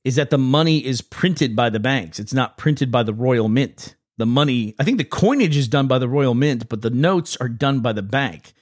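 In a clean, dry studio recording, a US podcast host talks casually, his mid-range voice lively at a moderate pace with few pauses. He rambles through relaxed stories and laughs often.

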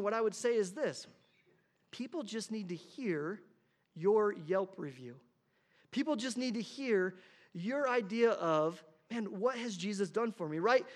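A male pastor preaching a conversational sermon in church, often repeating words as he starts his phrases. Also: sits high.

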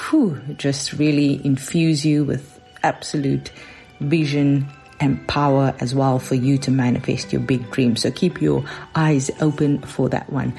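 A woman hosting a podcast, giving a slow, earnest outro narration. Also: rumbling low, little pitch movement, vocal fry, mellow. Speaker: podcast host. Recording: faint music underneath.

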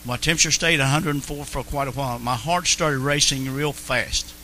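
A man's voice: mid-range voice, fairly quick, pushed and bright, slight background noise, poor audio. A man telling his personal faith testimony in an earnest way, repeating phrases for emphasis. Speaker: Christian testimony speaker.

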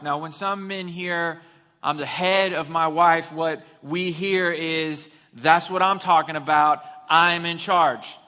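Male pastor, bright forceful voice, humorous and emphatic sermon, echoing church hall. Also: fairly high pitch. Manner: humorous storytelling, emphatic preaching. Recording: long hall reverb.

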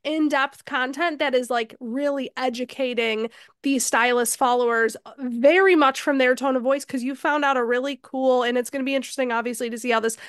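A woman's voice: sits high, fairly even intonation, fairly quick, clear, resonant tone, no room sound, studio quality. A woman hosting a podcast interview, talking in an effusive, encouraging way with lots of "like". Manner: effusive and encouraging, heavy use of "like". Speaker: podcast host.

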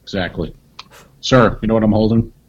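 A man's voice: fairly low pitch, steady tone, brisk, highs cut off, slight background noise. A man co-hosting a comedy podcast, chatting in a dry, meandering way with lots of fillers. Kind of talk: casual banter.

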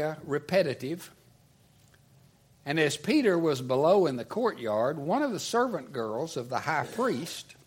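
Speaking in a husky voice on the high side, a Southern US man delivers a sermon as a pastor, reading scripture aloud. He sounds earnest and conversational, frequently restarting his sentences.

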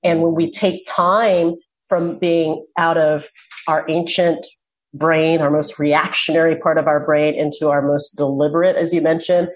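A woman guest in a casual interview, speaking earnestly and slowing down to stress her points. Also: deep voice, little pitch movement, rough recording. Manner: earnest, emphatic, slows for key points. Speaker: guest, communication coach.

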